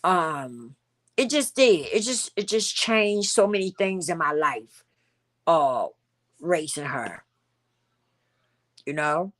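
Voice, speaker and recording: Middle-aged woman, bright tone, candid emotional vlog host who repeats herself for emphasis. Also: deep voice, animated, slow pace, pauses often. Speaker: channel host. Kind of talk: heartfelt personal vlog talk.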